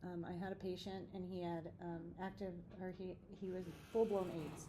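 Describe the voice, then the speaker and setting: A woman's voice: fairly low pitch, level tone, moderate pace. A middle-aged woman nurse chatting casually, sharing an anecdote with cheerful, self-deprecating humor. Faint room noise and ambience sit under her voice. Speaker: nurse and podcast co-host. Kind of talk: casual conversational storytelling.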